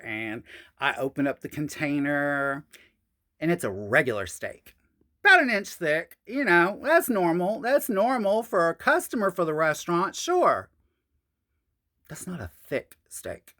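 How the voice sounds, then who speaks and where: A woman telling a story to her viewers, animated and profane, with drawling asides. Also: deep voice. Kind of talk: casual storytelling to camera.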